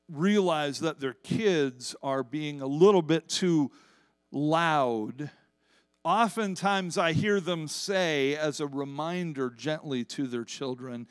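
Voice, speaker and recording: A pastor delivering a sermon in a notably high voice for a man. He speaks slowly and deliberately, pressing each point with emphatic, impassioned preaching. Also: clean tone, no room sound, studio quality. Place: church service.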